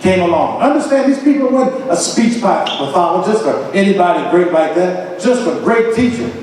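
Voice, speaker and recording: A man gives a motivational lecture with a dramatic preaching cadence, his voice pitched high. He is recorded from far off in a large hall, so long reverb trails each phrase. A faint hum sits underneath. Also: lively intonation, moderate pace, darkish tone. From Columbus, Ohio. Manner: emphatic, dramatic preaching cadence with chanted refrains. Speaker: motivational speaker.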